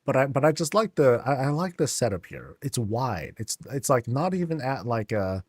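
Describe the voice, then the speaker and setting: A man's voice: medium pitch, sing-song, normal speed, husky, no echo, studio quality. A man streaming a game, chatting casually and rambling with many fillers as he tours homes.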